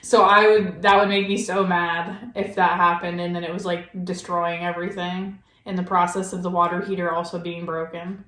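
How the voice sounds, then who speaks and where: A woman's voice: on the low side, flat delivery, moderate pace, a bit bright, roomy sound, distant mic. A woman hosting a reaction video, chatting casually with lots of "like" and thinking aloud.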